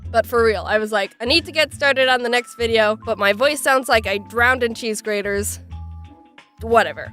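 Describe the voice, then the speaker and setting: Woman, high-ish voice, nasal and congested from a cold, dry sarcastic comic narration over faint music. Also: a bit bright. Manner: sarcastic, self-mocking humor. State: sick with a stuffy nose. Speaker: animator and YouTuber narrating. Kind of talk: scripted comedic narration.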